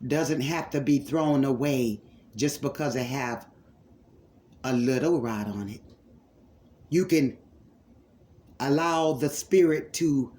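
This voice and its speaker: A man's voice: mid-range voice, a little mellow. A man preaching a spiritual healing sermon with fervor, repeating phrases for emphasis and calling his listeners loved ones.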